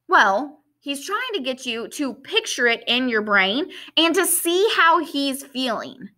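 A woman's voice: sits high, sing-song, slow, bright, forceful tone. A woman teacher with a Southern accent reading a novel aloud to her class, stopping to explain and asking the students questions in a patient way.

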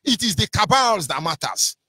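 Fiery high-voiced Nigerian man preaching politics. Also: very animated, normal speed, bright, forceful tone, slightly rough, dry recording. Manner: fiery, preachy, with many rhetorical questions and sing-song rises. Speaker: radio host. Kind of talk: impassioned political commentary.

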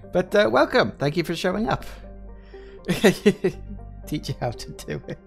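A man's voice: sits high, very animated, slow pace, gravelly, soft background music. A man with an English Midlands accent giving chatty, joking live commentary while streaming a game and answering his chat. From England.

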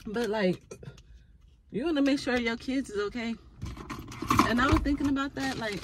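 A woman's voice: fairly high pitch, moderate pace, pauses often, very noisy. Earnest woman preaching to camera. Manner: earnest, preachy faith talk. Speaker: mother sharing faith thoughts. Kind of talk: casual spoken reflection.

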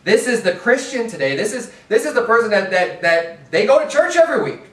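A man's voice: high voice, big pitch swings, fairly quick. A man preaching a fervent sermon as pastor, with an American accent, stumbling over repeated words as he presses his points. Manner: impassioned, repetitive restarts, mimics soft preachers in a hushed voice. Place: church sanctuary. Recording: echoey room from far off.

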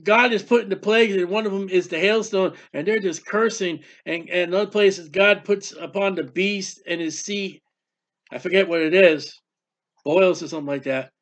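A man preaching a sermon, animated and emphatic, reading scripture aloud. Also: high voice. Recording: dull lo-fi sound.

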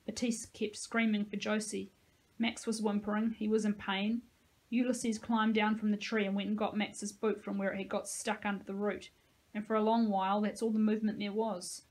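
Casting: woman teacher reading a novel aloud, dramatic and expressive, mid-pitched voice. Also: normal speed, poor audio.

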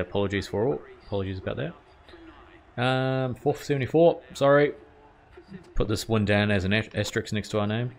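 A man talks over his video game in a low, gravelly voice, flipping between quiet muttering and sudden loud reactions. He swears freely at the game and keeps up a casual stream of commentary. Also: a little hiss or hum. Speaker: gaming channel host.

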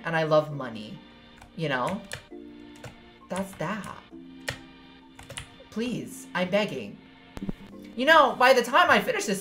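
A young woman from New York giving playful, swear-filled commentary while playing a video game. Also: lowish voice. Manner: playful, swears, squeals when jumping. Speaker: gaming streamer. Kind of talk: casual let's-play commentary.

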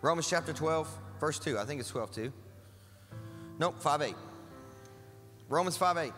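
A man's voice: on the high side, lively intonation, normal speed, long pauses, a bit bright. A man pastor preaching a sermon, emphatic and conversational, with casual asides to the congregation. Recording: church hall with long reverb and faint music.

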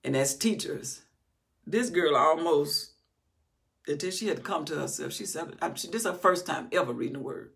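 A woman's voice: deep voice, expressive, moderate pace, gravelly, a bit bright. A middle-aged woman teaching a Bible study, reading scripture aloud and then expounding on it with rising, emphatic force.

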